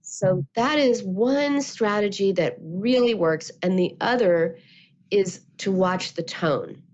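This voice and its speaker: A woman, a therapist and author, giving calm, measured answers as a guest and acting out quotes as she explains. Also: mid-range voice, slight background noise. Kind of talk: interview answers. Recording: muffled lo-fi audio.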